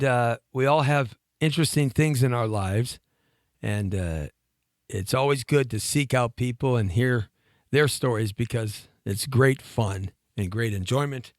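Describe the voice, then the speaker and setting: A man in his fifties telling a long personal story on a talk show, lively and chatty, laughing between lines and often restarting his sentences. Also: mid-range voice, no echo, clean studio sound. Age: 50s.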